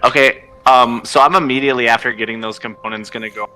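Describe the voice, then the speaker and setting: A man's voice: medium pitch, steady tone, quick pace, sharp tone, a little hiss or hum, poor audio. A man playing a tabletop game, eagerly describing what his character does in his own plain voice. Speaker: player.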